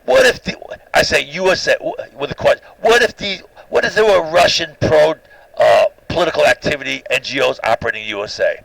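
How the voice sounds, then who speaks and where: A man giving an informal recorded lecture, animated and opinionated, constantly checking in with "right?". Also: on the high side, fairly quick, vocal fry, no room sound, poor audio.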